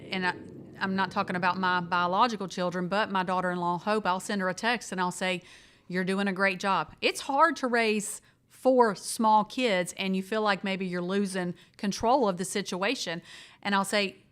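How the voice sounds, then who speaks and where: A woman in her forties speaking as a mother on a podcast, encouraging and warm, often pausing on "um". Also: mid-range voice, fairly even intonation, clean tone. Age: 40s. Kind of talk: casual advice talk.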